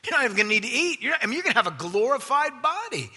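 A man preaching a sermon as pastor, emphatic, swinging from loud stresses to hushed asides. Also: very high-pitched, very animated, racing, slightly rough. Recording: long hall reverb.

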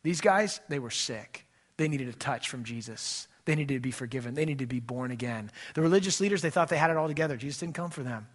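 A man preaching a sermon as pastor of a church, swinging between loud emphatic lines and soft low passages, then leading a prayer. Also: quick pace.

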